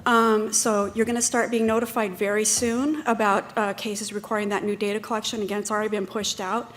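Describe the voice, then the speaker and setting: A woman's voice: mid-range voice, little pitch movement, brisk. A woman giving a talk at a conference, speaking in a chatty way with many fillers and restarts. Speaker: conference presenter. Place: conference room.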